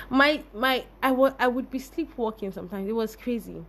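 A young woman hosting a podcast, telling a personal story in a lively, expressive way and laughing often. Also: fairly high pitch, brisk, hardly any pauses, a little hiss or hum. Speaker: podcast host.

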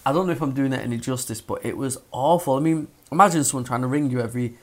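A young man, telling a story in casual chat, sweary and animated. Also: medium pitch, rapid-fire. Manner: sweary, animated, acts out voices in his stories.

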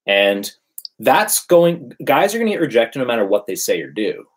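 A man's voice: mid-range voice, sing-song, normal speed, husky. A man in casual conversation, emphatically preaching his dating advice. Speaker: dating coach. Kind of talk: casual podcast chat.

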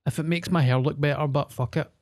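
A man's voice: on the high side, fairly even intonation, fast, darkish tone. Joking Scottish man telling stories. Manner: jokey storyteller, self-mocking. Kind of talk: casual chat.

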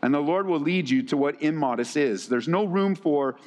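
A man's voice: on the high side, expressive, normal speed, a little mellow, big-room sound. A man preaching a sermon to wives, earnest and emphatic, often repeating key words for weight. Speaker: pastor.

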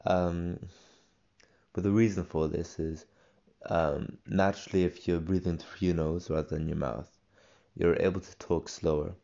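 A man's voice: low voice, level tone, unhurried, vocal fry, mellow, dull audio. A young man hosting a solo podcast, rambling casually with many fillers and restarts. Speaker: podcast host.

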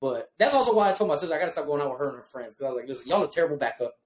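A young adult man, host of a casual chat, telling a profane, animated story with lots of fillers. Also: fairly high pitch, very fast, reverberant. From Houston, Texas.

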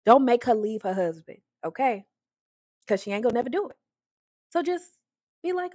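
A woman's voice: a little high, very animated, moderate pace, pauses often, warm tone, slightly rough, no room sound, studio quality. A woman giving a chatty, opinionated casual recap of a reality show, often acting out the people she talks about. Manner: chatty and opinionated, with frequent "like" and restarts; acts out the people she discusses in raised voices. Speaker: reality TV commentator.

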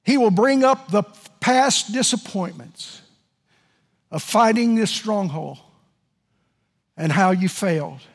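A man preaching a sermon to a congregation, moving from hushed pleading to shouting. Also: high-pitched, expressive, takes it slowly, long pauses. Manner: preaching with swings from soft to shouting. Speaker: pastor. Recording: long hall reverb with faint music.

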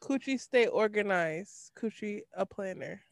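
A woman's voice: medium pitch, lively intonation, unhurried, creaky, no room sound. A woman in casual chat with friends, reacting with exclamations and joining a rhyming word game.

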